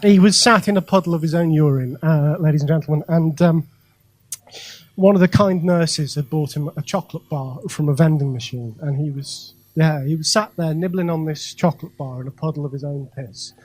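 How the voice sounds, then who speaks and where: A man's voice: a little high, a little fast, a little mellow, dry recording. A man performing a stand-up comedy set on a club stage, talking to the crowd in a chatty way with many ums and asides. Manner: conversational, addresses crowd directly, frequent ums and asides.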